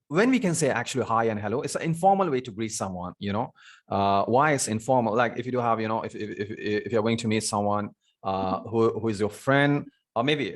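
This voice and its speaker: A man teaching a live online spoken English class, talking with many fillers and repeated words over a video call. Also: mid-range voice.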